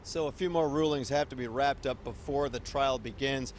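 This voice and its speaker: A man reporting a court story for television in a measured, formal news delivery. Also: mid-range voice, a little hiss or hum.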